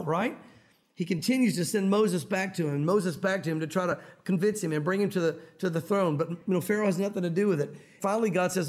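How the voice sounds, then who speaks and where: A man from Tennessee with a Southern accent, preaching an evening sermon in a quick, conversational and earnest way. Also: high-pitched, a little mellow. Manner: fast-talking, conversational, earnest. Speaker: pastor.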